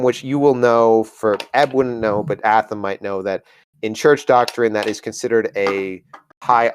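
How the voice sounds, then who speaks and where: A man runs a tabletop game in a relaxed, low voice. He meanders playfully and fills pauses with ums. He teases his players as he narrates. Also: clean tone. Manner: playful, rambling, many fillers. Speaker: game master.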